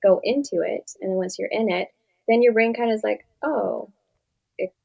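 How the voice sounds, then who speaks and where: A woman's voice: mid-range voice, moderate pace, vocal fry, warm tone. A young woman therapist speaking casually in an interview, animatedly acting out conversations with her clients. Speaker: therapist guest.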